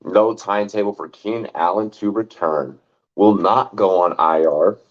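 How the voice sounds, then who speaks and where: This man's voice sits fairly low and moves at a moderate pace as he hosts a fantasy football podcast. It's casual sports talk, loose and rambling, with repeated words, frequent "like," and occasional cursing, all captured on dull lo-fi audio.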